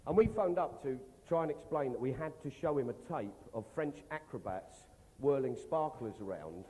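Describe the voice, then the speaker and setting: A man doing stand-up comedy, telling a story in an animated, sweary, mocking way. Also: medium pitch, moderate pace, husky. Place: live comedy venue. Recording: reverberant live stage recording.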